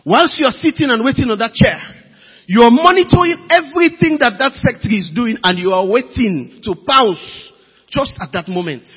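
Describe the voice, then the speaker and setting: A man preaching a sermon in an emphatic, animated way, with sudden loud bursts. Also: high-pitched, husky. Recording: dull lo-fi audio with long hall reverb.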